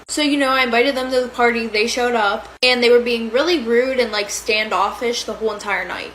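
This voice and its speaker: A woman's voice: a little high, fairly bright tone, slight background noise. A woman telling a storytime about her friends in a casual, indignant way. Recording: echoey room.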